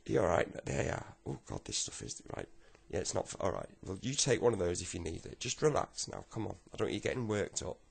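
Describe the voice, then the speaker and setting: A man's voice: sits low, wildly swooping pitch, fast, gravelly, hardly any pauses, slightly rough, heavily acted. A man playing a soothing police officer. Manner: reassuring, coaxing.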